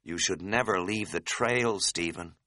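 A man's voice: low-pitched, measured pace, sharp tone, no echo, clean studio sound. A man voicing a scatterbrained middle-aged hiking buddy who talks in a folksy, rambling, self-mocking way. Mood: rueful storytelling. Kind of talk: audiobook character voice.

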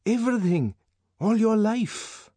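A man reading an audiobook, voicing an earnest, curious man who speaks in slow, drawn-out phrases. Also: mid-range voice, sing-song, darkish tone, husky, no echo, pitched above the performer's own voice, exaggerated voice. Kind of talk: audiobook character voice.

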